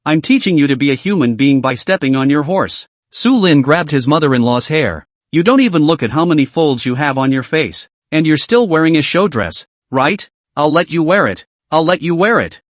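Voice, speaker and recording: Lively, dry-voiced male recap narrator. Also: fairly high pitch, no echo. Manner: reads every character's lines in his own voice, stilted wording. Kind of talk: scripted story narration.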